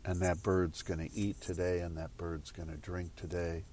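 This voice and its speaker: A man's voice: sits low, level tone, moderate pace, darkish tone, slight background noise. A man giving a casual motivational talk to viewers, rambling and repeating phrases as he goes. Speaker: spiritual speaker.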